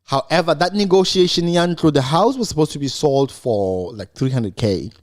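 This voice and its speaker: A man recapping a TV episode in casual, animated commentary, acting out the characters as he retells scenes. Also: on the high side, normal speed. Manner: animated, mimics characters in quotes. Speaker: show recap host.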